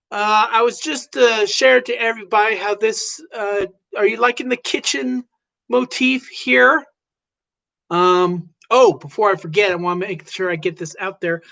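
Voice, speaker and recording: A woman's voice: medium pitch, vocal fry, fairly bright tone. A woman hosting a casual livestream chat who greets viewers by name and rambles with lots of fillers. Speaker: livestream host.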